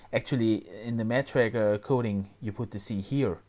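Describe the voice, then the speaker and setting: A man explaining music software step by step, often pausing with fillers and restarting his sentences. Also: lowish voice. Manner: hesitant, many fillers and restarts. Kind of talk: screen-recorded tutorial.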